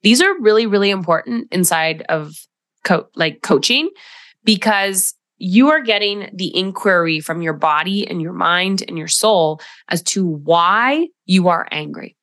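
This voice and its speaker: Slow, low-voiced woman coaching on a podcast. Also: expressive, fairly bright tone, no room sound, studio quality. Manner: reflective, coaching tone with frequent "right?". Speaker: podcast host. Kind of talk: solo podcast monologue.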